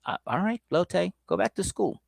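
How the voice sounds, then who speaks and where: Gravelly man telling stories animatedly. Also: brisk, no room sound, clean studio sound. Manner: animated storytelling with high-pitched impressions. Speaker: podcast co-host. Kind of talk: casual comedic chat.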